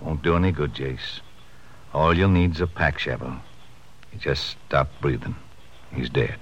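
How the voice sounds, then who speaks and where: An actor playing a skeptical country sheriff with a drawling rural way of speaking in an old radio drama. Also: male voice, medium pitch, sing-song, fairly quick, dull audio, natural voice. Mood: grim. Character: folksy, skeptical adult male Western sheriff. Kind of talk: 1950s radio drama acting. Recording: hissy old radio broadcast.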